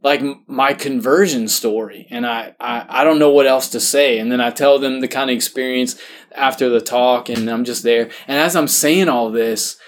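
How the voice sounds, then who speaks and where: A priest tells a personal story in relaxed, everyday speech. His voice sits at a middle pitch for a man, and he talks in an animated way, full of fillers and quick laughs. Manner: casual, animated, laughs often, heavy use of "like". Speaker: Catholic priest.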